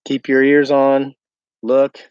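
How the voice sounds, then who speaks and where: A rambling American man chats with viewers on a night-time livestream from his homestead. His voice sits at an everyday middle pitch and comes through dry and a little dull, with no room around it. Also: completely flat delivery, slow, darkish tone, clear, resonant tone, dry recording. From United States. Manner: chatty, rambling, talks to live viewers. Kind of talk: casual livestream chat. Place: outdoors at night by his woods.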